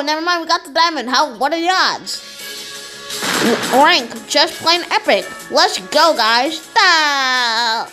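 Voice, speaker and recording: A woman voicing SpongeBob, an excitable and goofy cartoon sea sponge, playing a video game and chattering to viewers. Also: sits high.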